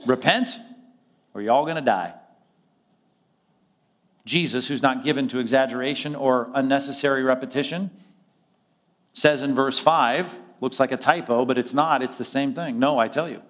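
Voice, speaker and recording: A man's voice: medium pitch, fairly bright tone. A male pastor preaching a conversational sermon, often acting out quoted dialogue in other voices.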